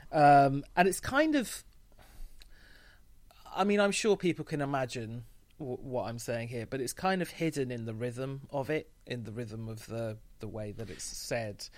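A man co-hosting a podcast, talking casually in a measured, slightly hesitant way. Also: medium pitch, animated, no echo. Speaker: podcast co-host.

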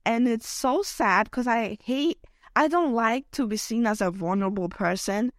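Sick and sounding it, a young woman hosts a solo podcast rant at normal speed, her voice on the high side. She rambles emotionally, leaning on "like" and "okay?", in studio-quality audio with no room sound.

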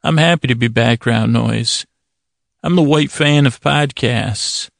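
A man's voice: medium pitch, unhurried, creaky, dry recording. A man hosting a sleep podcast, talking in a rambling, wry way, full of stammers and restarts, close to the mic. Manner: stammering, self-interrupting, wry. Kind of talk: rambling casual monologue.

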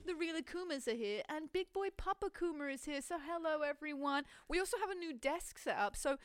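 A woman hosting a podcast from home on a boom-arm mic, rambling and giggly in casual chat. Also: expressive, brisk, no echo. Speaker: podcast host. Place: home room with pets.

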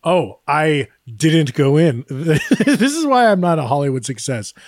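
A man's voice: a little high, big pitch swings, a little slow, no room sound, studio quality. A man co-hosting a podcast, telling rambling, self-deprecating stories and laughing often. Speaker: podcast co-host. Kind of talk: casual chat.

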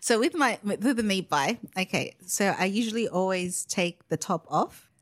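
A woman's voice: mid-range voice, moderate pace. A woman, a podcast guest, telling family stories in casual chat and laughing often. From Australia. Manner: animated storyteller, laughs often.

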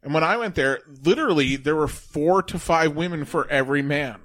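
A man's voice: on the high side, fairly quick, fairly bright tone. A man in casual chat, joking and mocking himself. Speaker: comedian guest.

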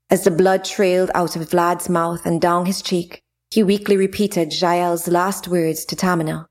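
A woman reading a fantasy novel chapter aloud in a steady, expressive way. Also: on the low side, unhurried, few pauses. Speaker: narrator. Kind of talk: audiobook narration of a fantasy novel.

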